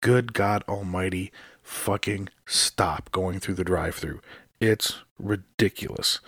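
A man's voice: low voice, slow, fairly bright tone, breathy edge, no echo, studio quality. A man hosting his own podcast, ranting about everyday annoyances with constant swearing and exasperated outbursts. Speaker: podcast host. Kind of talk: profane solo rant.

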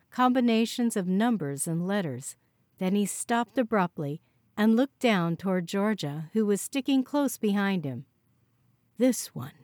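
A woman reading a novel aloud in steady, scripted narration on a close mic. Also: medium pitch, no room sound. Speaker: audiobook narrator.

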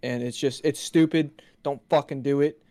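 Heated young man, flat delivery. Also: medium pitch, normal speed. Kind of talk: casual chat.

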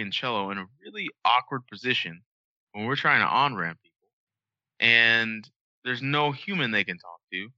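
Male podcast host, low voice with very bright, forceful tone, dry and slightly dull sound, profane animated rant. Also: no room sound.

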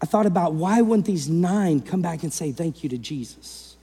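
A male pastor preaching a sermon in an animated way, acting out the people in the story and swinging between loud and hushed delivery. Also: fairly high pitch, normal speed, husky, in a large hall.

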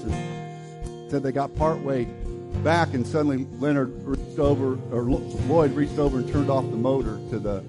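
A man preaching a sermon and telling a story, often restarting his words and swinging between loud and hushed delivery. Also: a little high. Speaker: pastor.

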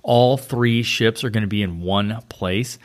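A man co-hosting a travel podcast as a travel agent, chatting casually with lively storytelling. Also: lowish voice, a little slow. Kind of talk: casual chat.

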